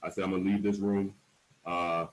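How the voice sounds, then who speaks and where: A man's voice: low-pitched, level tone, moderate pace, rough recording. A man in his forties telling a personal story on a discussion panel, frank and emphatic, acting out the voices of people he quotes. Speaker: panel speaker.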